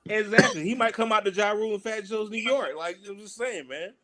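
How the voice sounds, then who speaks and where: A man's voice: high voice, a little fast. A man, a wrestler and podcast guest, telling stories in a loose, slangy way and mimicking the people in them. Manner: animated, imitates people in his stories; loose, slangy, many fillers. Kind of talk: casual storytelling.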